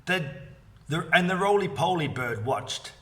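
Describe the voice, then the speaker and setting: A man's voice: a little high, expressive, a little slow, pushed and bright, recorded from a distance. A man reading a children's book aloud expressively. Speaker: story reader.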